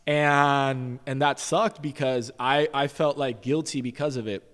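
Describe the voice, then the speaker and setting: An animated storyteller, this man talks loosely and packs his speech with fillers. His voice sits at an ordinary middle pitch. Each phrase trails off into a long reverb, as if he sat in a large hall. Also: unhurried. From Puerto Rico. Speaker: chef, podcast guest. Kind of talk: casual storytelling interview.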